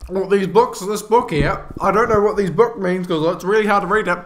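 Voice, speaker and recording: A man co-commentating a rugby league match casually, tossing out quick jokey remarks. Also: high voice, fairly bright tone.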